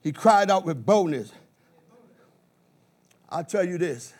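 Guy preaching hard, high voice, kinda husky, shouts now and then. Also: slow pace. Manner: animated call-and-response preaching, bursts of shouting. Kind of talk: sermon.

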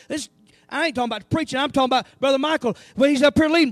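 A male pastor delivers an animated sermon, swinging from quiet asides to loud calls to the congregation. His voice sits very high for a man. The sound is dry and close. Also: very fast, dry recording. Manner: animated preaching with call-and-response asides. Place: church sanctuary.

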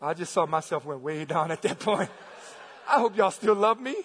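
A man preaching a sermon to his congregation, calling out to the crowd and building to shouts. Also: sits high, expressive, normal speed, slightly rough, in a large hall. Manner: preaching with rising shouts and call-and-response. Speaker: pastor. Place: church sanctuary.

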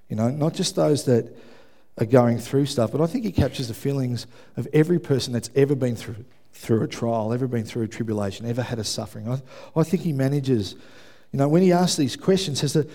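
A man preaching a sermon in a church, telling lively stories and acting out quotes with self-mocking asides. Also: on the high side. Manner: animated storytelling, acts out shouted quotes, self-deprecating asides. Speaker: pastor. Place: church hall with congregation.

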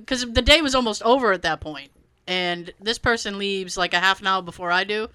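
A woman in her thirties hosting a casual chat, animated and profane, laughing often. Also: mid-range voice, normal speed, smooth. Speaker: podcast host.

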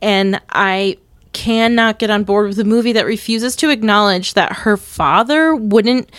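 A woman's voice: medium pitch, unhurried, a bit bright, no room sound. A woman co-hosting a casual film-review podcast, making blunt, argumentative points. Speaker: podcast co-host.

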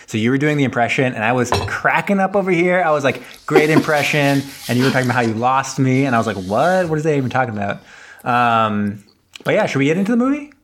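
On a podcast recorded at home over an internet call, this male co-host rambles through a movie recap, laughing and restarting often. He talks fast in a mid-range, slightly bright voice with lively intonation, and there's a little background noise.

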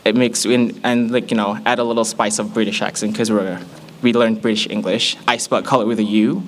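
In a personal testimony, a young Malaysian man speaking with an American accent pokes fun at himself and talks frankly, livening up whenever he quotes his own words. He speaks briskly in a lowish voice, and there's a little hiss or hum.

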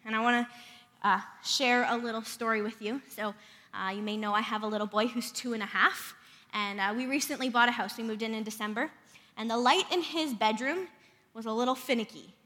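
Woman preacher, higher voice, earnest sermon, reverberant church hall. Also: pushed and bright. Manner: earnest, storytelling with prayerful passages. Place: church sanctuary.

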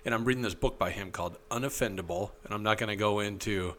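Man, very deep voice, podcast co-host, halting casual chat, filler-heavy, faint hum. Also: fairly bright tone.

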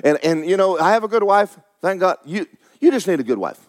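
Fervent preacher with a high voice. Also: male voice, fairly quick, slight background noise. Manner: animated preaching, rising to near-shouts, then dropping soft. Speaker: pastor. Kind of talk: sermon.

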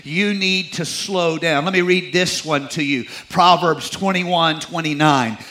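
A man preaching a sermon in a folksy, joking way, dropping into quiet asides between scripture readings. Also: a little high, unhurried. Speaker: pastor.

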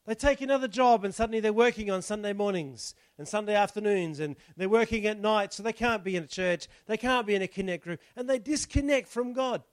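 High-voiced pastor preaching. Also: male voice, brisk, hardly any pauses, no room sound. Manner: chatty, explains the text and asks the congregation rhetorical questions. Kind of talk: conversational sermon.

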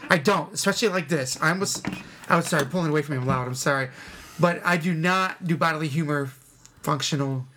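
A man chatting casually about a movie, telling it in an animated, profane way. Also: a little high, brisk, background noise. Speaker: podcast co-host.

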